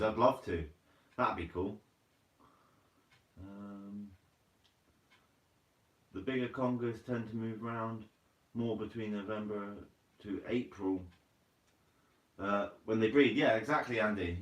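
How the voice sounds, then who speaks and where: A man's voice: fairly low pitch, distant mic. Laid-back man chatting on a live stream. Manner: casual and chatty, says mate a lot. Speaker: fishing channel host. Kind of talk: live stream chat, reading comments. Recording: roomy, from away from the mic.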